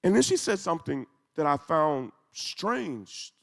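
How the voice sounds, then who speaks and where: Male speaker, intense storyteller, gravelly voice, echoing hall. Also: a little high, very animated, measured pace. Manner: intense, storytelling with rising emphasis. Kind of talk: emotional speech to a congregation. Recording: echoey hall.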